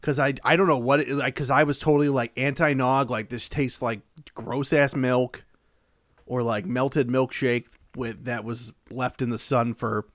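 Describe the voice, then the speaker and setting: A man's voice: mid-range voice, steady tone, normal speed, fairly bright tone, no echo. A man co-hosting a podcast in casual chat, rambling and joking crudely with many filler words, into a studio mic. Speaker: podcast co-host.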